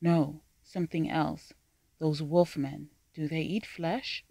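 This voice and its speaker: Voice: medium pitch, steady tone, slow pace, vocal fry, dark tone, no room sound. A narrator voicing a grave older man, an uncle and leader, speaking in a strained, serious way.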